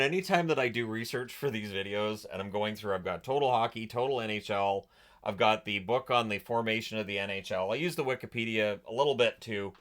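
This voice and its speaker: Man, vlog host, casual storytelling, sarcastic, amused, chatty, mid-pitched voice. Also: a bit bright. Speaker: hockey history channel host.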